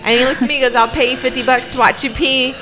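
A woman's voice: high-pitched, steady tone, quick pace, over music, poor audio. A woman co-hosting a casual movie watch-along chat, telling stories bluntly and with animation. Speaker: podcast co-host.

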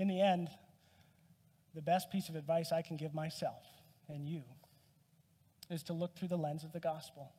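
A man's voice: fairly high pitch, steady tone, normal speed, long pauses, mellow, slight background noise. A man preaching a sermon as a pastor, in a conversational, self-deprecating way with touches of humor. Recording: long reverb from a hall.

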